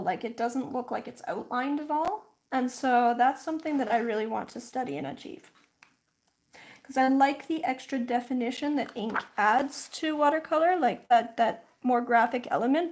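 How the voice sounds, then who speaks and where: Brief: woman host, relaxed slow pace, chatty stream talk full of "like"s. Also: high voice. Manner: chatty, frequent "like" fillers, storytelling; slow, thoughtful explaining. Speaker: livestream host. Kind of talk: casual livestream chat.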